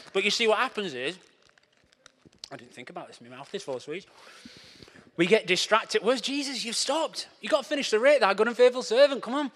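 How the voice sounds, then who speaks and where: Young male preacher, playful and animated, high voice with long hall reverb. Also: a little hiss or hum. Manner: playful, animated, acts out scenes with quoted voices. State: out of breath after a race. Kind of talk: lively sermon with jokes.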